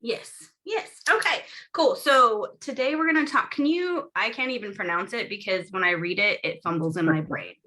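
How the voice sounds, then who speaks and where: A woman's voice: mid-range voice, normal speed, few pauses, pushed and bright. A woman hosting a podcast in a casual, chatty way, with lots of ums. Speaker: podcast host. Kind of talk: casual interview chat.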